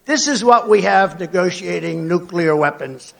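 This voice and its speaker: An older man giving a rambling rally speech to a conference crowd, with mocking asides, swinging between loud and low. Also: lively intonation, moderate pace, gravelly. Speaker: political speaker at a conference. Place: large conference hall before an audience.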